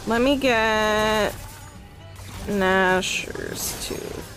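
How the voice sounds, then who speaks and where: A woman streamer chatting casually over her gameplay, breaking into excited outcries now and then. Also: medium pitch, extremely slow, soft background music.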